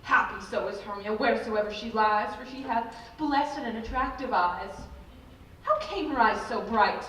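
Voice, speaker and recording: A woman's voice: a little high, moderate pace, a bit bright, a little hiss or hum, natural voice. A woman playing a lovesick, self-pitying young woman in a live school stage play, with a plaintive, pleading delivery. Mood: forlorn. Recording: echoey hall from far off.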